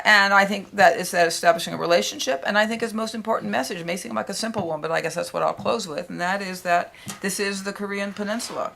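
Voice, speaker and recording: A woman's voice: on the low side, creaky, fairly bright tone. A woman giving remarks on a policy panel, speaking with many hesitations and fillers.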